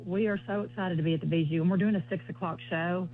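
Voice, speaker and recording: A woman's voice: fairly low pitch, steady tone, fast, a little hiss or hum. A woman with a Southern US accent, a comedian chatting as a guest over the phone in a bubbly, folksy way. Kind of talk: casual chat on a phone call. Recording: tinny phone line.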